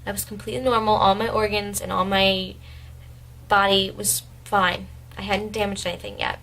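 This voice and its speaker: A woman's voice: mid-range voice, level tone, normal speed, creaky, fairly bright tone, rough recording. A young woman vlogger recounting a hard personal story, rambling and emotional, quoting herself and others as she goes. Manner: emotional, rambling retelling with many "I was like" quotes.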